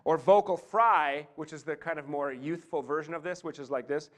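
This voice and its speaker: A presentation skills coach gives a live talk from a podium in a meeting room, his voice a little higher than most men's. His delivery is lively and theatrical, fairly quick with hardly any pauses, and he keeps drifting into chatty asides.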